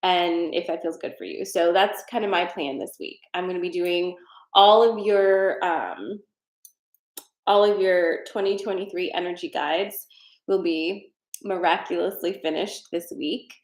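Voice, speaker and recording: A woman's voice: lowish voice, fairly even intonation, unhurried, roomy sound. A woman hosting a tarot and energy livestream, chatting casually and leading a guided breathing exercise. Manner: chatty, rambling, many fillers.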